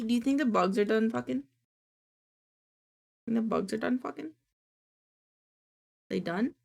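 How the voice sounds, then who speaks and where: A woman's voice: medium pitch, unhurried, vocal fry, long pauses. A woman streamer chatting casually while she works, goofy and playful, teasing and swearing freely. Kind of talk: casual live-stream chat while working.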